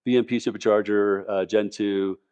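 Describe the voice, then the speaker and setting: Enthusiastic lower-voiced man telling car stories. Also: fairly even intonation, moderate pace, darkish tone, smooth, muffled recording. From Colorado, US. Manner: enthusiastic, rambling with restarts. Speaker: podcast guest, car collector. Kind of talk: casual interview talk.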